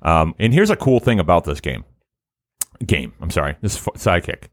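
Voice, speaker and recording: Male co-host, low voice, a bit hoarse from the morning, loose rambling chat, dry close mic. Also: very animated, normal speed, dry recording. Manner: laughs often, rambling with restarts. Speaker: podcast co-host. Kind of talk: casual chat.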